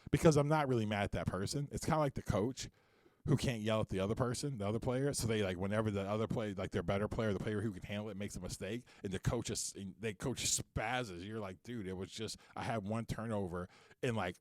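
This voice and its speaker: Passionate low-voiced man on a podcast. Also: quick pace, a little mellow, no echo, studio quality. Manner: emotional and passionate, voice rising when worked up. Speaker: podcast co-host and CEO. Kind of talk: candid podcast conversation.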